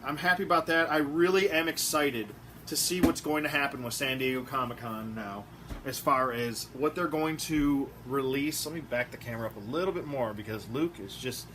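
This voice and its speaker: Excitable male collector, bright voice. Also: mid-range voice, a little hiss or hum. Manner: excitable, rambling, many fillers. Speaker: toy collector vlogger. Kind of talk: casual rambling review vlog. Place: room at home.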